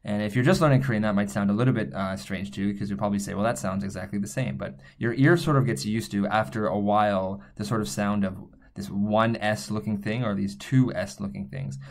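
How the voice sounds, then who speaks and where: A man's voice: fairly low pitch, fairly even intonation, a little fast, vocal fry. A man teaching Korean letters, patiently explaining each step as he writes them out. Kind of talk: whiteboard writing lesson.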